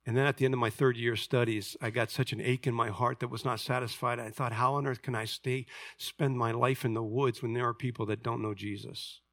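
A man in his sixties, a pastor, preaching a sermon and telling personal stories, moving between loud emphatic reading and quiet confiding asides. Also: mid-range voice, steady tone, brisk, dry recording, studio quality. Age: 60s.

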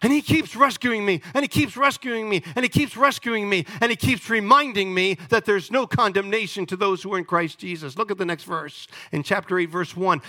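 Bright, high-voiced preacher man. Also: a little fast, few pauses. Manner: emphatic, calls congregation to respond. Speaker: pastor. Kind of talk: sermon.

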